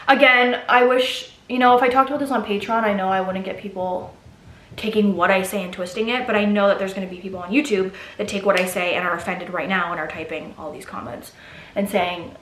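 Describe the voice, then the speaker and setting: A woman's voice: mid-range voice, steady tone, a little fast, a bit bright. A young pregnant woman talking casually in a get-ready-with-me vlog, rambling with fillers and restarts. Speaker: vlogger. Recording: echoey room.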